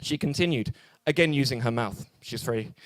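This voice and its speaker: A young man with an English accent doing a stand-up set at a small bar open mic, deadpan and hesitant with many fillers. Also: mid-range voice, brisk, dry recording. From England. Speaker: stand-up comedian.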